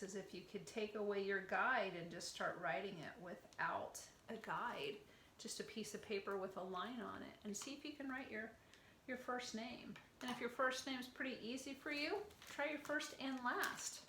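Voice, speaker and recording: A middle-aged woman leading a circle time lesson for young children, gentle and encouraging, praising each child by name. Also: mid-range voice, normal speed. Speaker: preschool teacher. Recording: echoey room with faint ambient noise.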